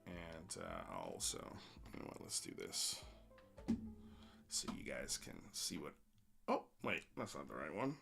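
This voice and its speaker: A man's voice: rumbling low, wildly swooping pitch, measured pace, vocal fry, pauses often, music in the background. A man hosting a livestream, ranting bluntly and sarcastically, then reading viewer comments with frequent laughs. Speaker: livestream host.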